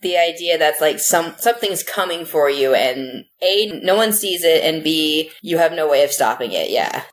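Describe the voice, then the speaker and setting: A woman guest on a casual podcast, relaxed and wry, talking with lots of "like" fillers. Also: low-pitched, normal speed, hardly any pauses, low-quality recording.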